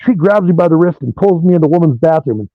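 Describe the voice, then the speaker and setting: A man, a rock guitarist being interviewed over a remote call, telling animated stories and swearing freely. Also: a little high, very fast, no room sound. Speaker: guitarist guest. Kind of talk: profane storytelling interview. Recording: dull lo-fi dry sound.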